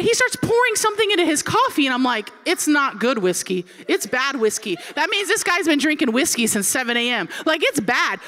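Lively, bright-voiced woman pastor in her forties. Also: high voice. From Florida. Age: 40s. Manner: animated, comic, acts out quoted voices. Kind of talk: humorous sermon storytelling.

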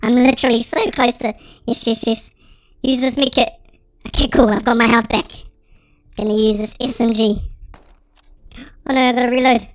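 A gaming channel host giving excitable, dramatic let's-play commentary through a sped-up chipmunk voice filter. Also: mid-range voice, moderate pace, pauses often, no echo.

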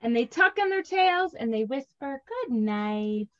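Speaking at a moderate pace in a voice that sits high, a thirty-something preschool teacher runs story time for kids. She sings simple tunes and reads a picture book aloud in a gentle, expressive manner, captured in dull lo-fi sound.

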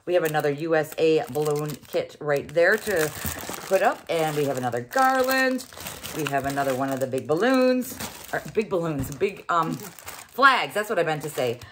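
A middle-aged woman chats her way through an unboxing review, exclaiming and thinking aloud as she goes. Her voice sits a little low for a woman. A faint noise hangs under the recording. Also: animated, a little fast. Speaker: host. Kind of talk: casual unboxing review vlog.

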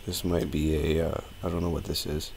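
A man's voice: very deep voice, flat delivery, normal speed, creaky, darkish tone, slight background noise. A man casually talking through a live-streamed modeling tutorial, thinking aloud with plenty of fillers and restarts.

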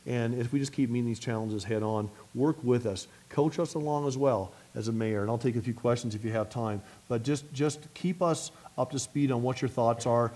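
A middle-aged man, a city mayor, giving an energetic luncheon speech and answering questions, talking fast with frequent restarts. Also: medium pitch.

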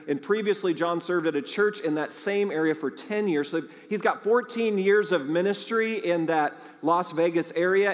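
A man preaching to his congregation, chatty and storytelling, often asking the people questions. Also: sits high. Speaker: pastor. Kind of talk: sermon with announcements. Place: large church sanctuary. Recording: long hall reverb.

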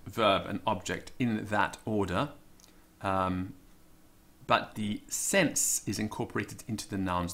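A man giving an informal spoken lesson, thinking aloud with many ums and slowing down to stress each example. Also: lowish voice, a bit bright. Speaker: Latin teacher.

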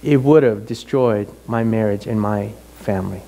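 A middle-aged man, a pastor, telling a personal story in a sermon with animated, emotional delivery. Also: lowish voice, normal speed, creaky.

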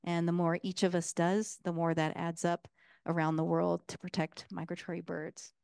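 Lady giving a chatty talk, lots of ums, smooth clear voice, dry sound. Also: on the low side, level tone, moderate pace, a little mellow, no echo. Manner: casual, enthusiastic, many fillers. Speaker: guest speaker. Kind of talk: public talk.

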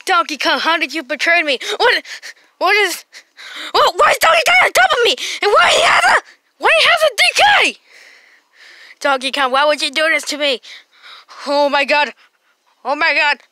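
A woman's voice: sits high, sharp tone, no room sound. A woman voicing a heartbroken robot fox who wails and whines. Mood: wailing. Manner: wailing, whiny, drawn-out complaints.

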